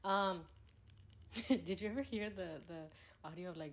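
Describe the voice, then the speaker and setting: A young woman hosting a podcast, telling animated stories in casual chat with laughter. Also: medium pitch, unhurried. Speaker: podcast host. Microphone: podcast microphone.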